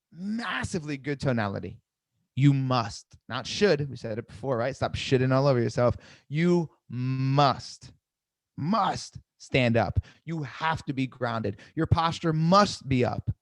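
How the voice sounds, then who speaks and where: A man coaching a live sales webinar, seated, energetic, repeating key phrases and asking "right?" often. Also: medium pitch, normal speed, no echo. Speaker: sales trainer. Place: seated indoors at a desk.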